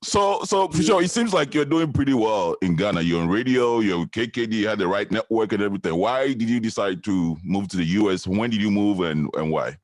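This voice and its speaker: A man's voice: on the low side, animated, a little fast, few pauses, no room sound. A man hosting a casual interview, backing the guest with frequent affirmations. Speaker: host.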